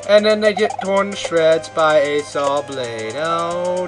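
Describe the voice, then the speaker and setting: A man's voice: fairly high pitch, slow pace, hardly any pauses, rough recording. A man giving sarcastic, rambling commentary while playing a video game. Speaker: gameplay commentator. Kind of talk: let's play commentary. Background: game music.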